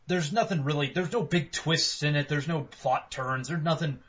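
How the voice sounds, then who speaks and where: A man co-hosting a game review podcast, talking in an animated way and swearing freely. His voice sits fairly high for a man. The audio is dull and lo-fi. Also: normal speed. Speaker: podcast co-host. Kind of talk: casual game review chat.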